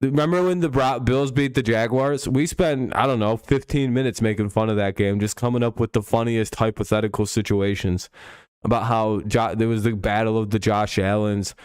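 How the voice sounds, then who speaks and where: A man with a low, smooth voice chats casually about football games. He rambles through jokes and swears freely. The sound is close and dry, with no room echo. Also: fairly even intonation, moderate pace, a little mellow. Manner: joking, rambling, swears often. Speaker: sports streamer. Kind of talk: casual NFL preview chat.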